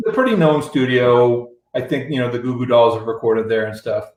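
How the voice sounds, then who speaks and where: A musician guest on a radio show tells a long anecdote in casual chat, restarting and acting out other people's lines. His medium-pitched voice is darkish and a little fast, in a roomy, rough recording.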